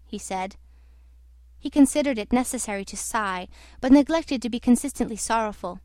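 Woman audiobook reader, measured literary narration, fairly high voice, dry booth sound. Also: darkish tone, clean tone, no room sound. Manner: measured, reflective.

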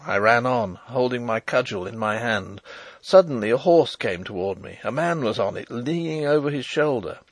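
A man narrating a novel chapter aloud in a measured, expressive reading. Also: mid-range voice, no room sound. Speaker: audiobook narrator.

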